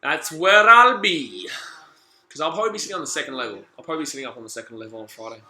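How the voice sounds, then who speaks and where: An excitable man with an Australian accent, from the Gold Coast, hosting a live sports watch-along, chatting to viewers and repeating himself as he reacts to the play. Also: medium pitch, very fast, echoey room. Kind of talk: live-stream sports commentary and chat with viewers.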